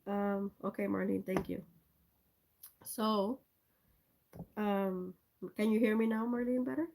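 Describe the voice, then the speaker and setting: A woman talks slowly through a rambling, chatty story on a live stream, speaking straight to viewers by name. Her voice is dark and mellow with a gravelly edge, picked up on a cell phone. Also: mid-range voice, steady tone, a little hiss or hum. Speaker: livestream host.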